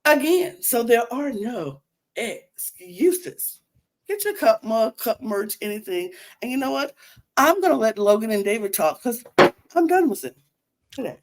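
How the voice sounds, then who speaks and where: A woman's voice: a little high, very animated, normal speed. A woman co-hosting a podcast with sassy, theatrical banter, sounding a little sick. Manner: sassy, theatrical, playfully defensive. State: sick, congested. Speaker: podcast co-host.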